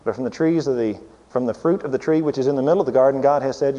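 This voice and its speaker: A man preaching a sermon, swinging between loud emphatic peaks and low hushed asides. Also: quick pace, gravelly, long reverb tail, lo-fi sound.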